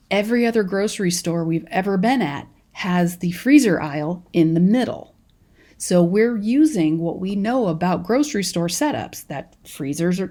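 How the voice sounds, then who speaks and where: Mellow-voiced Californian woman lecturing. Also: lowish voice. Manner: conversational, storytelling teacher with many restarts. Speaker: college professor. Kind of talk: recorded lecture.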